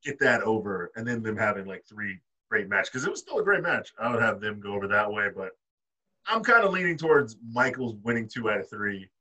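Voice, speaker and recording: A man's voice: on the low side, animated, a little fast, pushed and bright, dull audio. A man co-hosting a casual wrestling podcast, talking in loose slang and swearing. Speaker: podcast co-host. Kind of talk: casual chat. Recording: husky voice, a bit off-mic.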